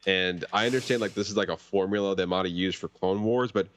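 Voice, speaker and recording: A man chatting casually on a podcast in a measured, laid-back way, sometimes critical. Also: sits low, fairly bright tone, slight background noise. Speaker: podcast panelist. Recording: dry, dull lo-fi mic.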